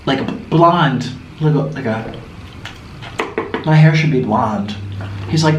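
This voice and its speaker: A man's voice: medium pitch, slow pace, long pauses, slight background noise. A young man chatting animatedly while eating on camera, telling stories between bites. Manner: chatty, animated storytelling with food in mouth. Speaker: mukbang vlogger. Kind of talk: casual chat while eating. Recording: echoey room, mic somewhat far.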